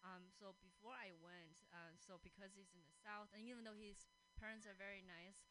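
A woman's voice: medium pitch, fairly even intonation, brisk, bright, forceful tone, slight background noise, rough recording. A woman hosting a podcast, chatting casually, laughing often and talking with many fillers and restarts. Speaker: podcast host. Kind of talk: casual chat.

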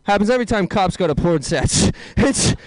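A man doing a stand-up comedy set, telling dark jokes deadpan and tossing asides to the crowd. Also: sits high, normal speed, no room sound, poor audio.

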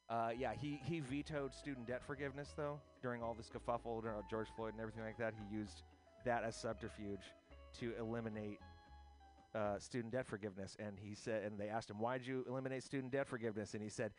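A man's voice: mid-range voice, fairly even intonation, brisk, soft background music. A man hosting a loose comedic radio show, joking and rambling as he sets up bits and impressions. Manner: joking, rambling, doing silly voices.

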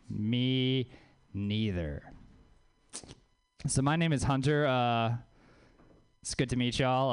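A man's voice: medium pitch, clean tone. A man from Louisiana doing a stand-up comedy set on a club stage, dry and self-mocking, with crude asides.

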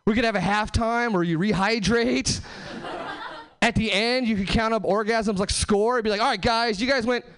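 A man doing a stand-up set on a club stage, talking to the crowd with lively asides and quick character voices. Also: sits high. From Southern California. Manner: animated, bouncing between voices and asides to the crowd. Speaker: stand-up comedian.

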